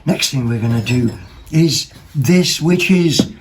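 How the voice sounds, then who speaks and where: A man hosting a vlog, chatting casually about second-hand finds in a rambling, excitable way, full of ums and self-corrections. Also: medium pitch, takes it slowly, breathy edge. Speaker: vlog host.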